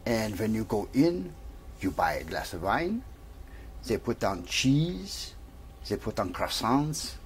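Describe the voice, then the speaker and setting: A man voicing a Frenchman from Paris who praises his little cafe in a relaxed way. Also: fairly low pitch, takes it slowly, slight background noise. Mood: content.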